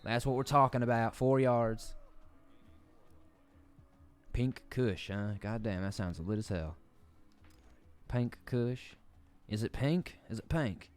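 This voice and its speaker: A man's voice: medium pitch, slow pace, pauses often, clean tone, faint music behind. A man from the Southern US streaming a football game, giving laid-back, joking play-by-play and laughing often. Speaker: gaming streamer. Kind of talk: casual gaming commentary.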